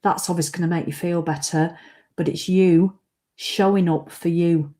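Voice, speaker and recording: A woman's voice: fairly low pitch, steady tone, moderate pace, warm tone. A woman, an online fitness coach chatting casually on a live stream from home, greeting viewers by name as she talks.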